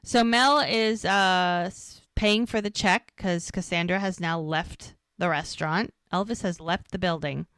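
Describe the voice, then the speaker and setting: A woman with a lowish, clear, resonant voice that's a bit bright co-hosts a podcast, chatting casually through a TV episode recap. As she retells scenes she acts out characters' lines in quick quotes. The recording is dry.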